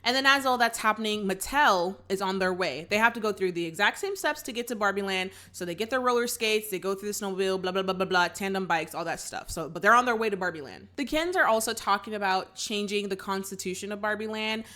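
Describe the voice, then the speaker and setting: Young woman chatting about a movie she just watched, bright tone, animated, says y'all a lot. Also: medium pitch, fast, hardly any pauses. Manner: animated, acts out characters' lines, talks to viewers as y'all. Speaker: movie reaction host. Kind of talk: casual movie recap chat.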